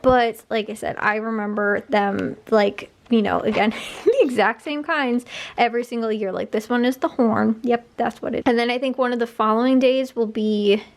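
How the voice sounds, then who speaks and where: A woman's voice: on the high side, fairly even intonation, moderate pace, creaky. Rambling young woman vlogging at home. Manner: rambling, many fillers and "like I said". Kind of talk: casual home vlog chat. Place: home at night.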